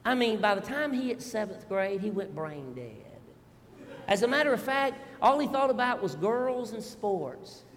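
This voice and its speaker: Folksy preacher in a hall. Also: male voice, high voice, unhurried. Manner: folksy, animated storytelling with audience asides. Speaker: pastor. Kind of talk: storytelling sermon.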